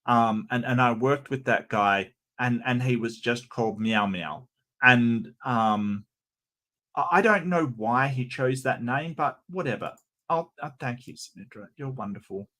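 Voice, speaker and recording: A man's voice: medium pitch, expressive, unhurried, a bit bright. A man with an Australian accent hosting a casual livestream, chatting and joking with viewers and often stammering and restarting. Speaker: streamer host.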